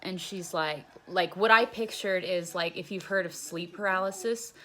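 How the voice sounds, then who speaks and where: A woman's voice: lowish voice, moderate pace, a bit bright. A young woman casually recounting a personal story, rambling and swearing freely with lots of "like.". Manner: profane, rambling, heavy use of "like". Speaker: storyteller recounting her jail time.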